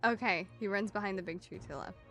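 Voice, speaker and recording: A woman's voice: mid-range voice, fast talker, a bit bright, faint music behind. A woman running a tabletop game for viewers as game master, easygoing and laughing often.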